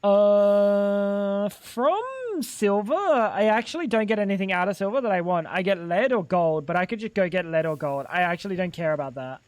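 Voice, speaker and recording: A man's voice: high-pitched, lively intonation, quick pace, few pauses, no room sound. A young man live-streaming a game, chatting casually and bantering with chat while swearing freely.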